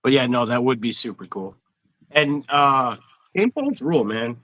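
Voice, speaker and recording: A man's voice: medium pitch, expressive, normal speed, pushed and bright, highs cut off. A man hosting a casual fishing livestream interview, chatty and rambling, laughing often. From Wisconsin. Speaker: host.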